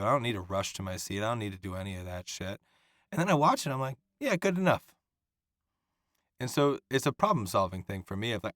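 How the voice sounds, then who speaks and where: A man on a podcast tells set stories with lively, swearing energy, slipping into the voices of the people he quotes. His voice sits on the low side. The sound is close and dry, with no room around it. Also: no echo. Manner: animated, profane, acts out quoted voices. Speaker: guest actor. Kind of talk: casual storytelling.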